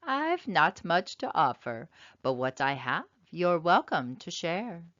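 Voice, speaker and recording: A woman voicing a kindly, poor old male harper in a gentle, mild manner in a storybook reading. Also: fairly low pitch, sing-song, slow pace, pitched above the performer's own voice, full character voice. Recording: slightly dull lo-fi sound.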